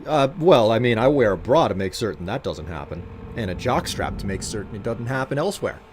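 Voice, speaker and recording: A man's voice: fairly low pitch, expressive, brisk, slight background noise. A man streaming a video game and commenting on it in a put-on French-German accent, speaking in a stiff, formal, playful way. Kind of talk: casual gameplay commentary.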